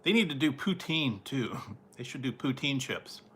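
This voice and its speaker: A man's voice: mid-range voice, big pitch swings, moderate pace, fairly bright tone, slight background noise. A man talking casually as a food reviewer, rambling and trailing off with frequent chuckles. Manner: rambling, laughs often, trails off. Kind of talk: casual late-night chat.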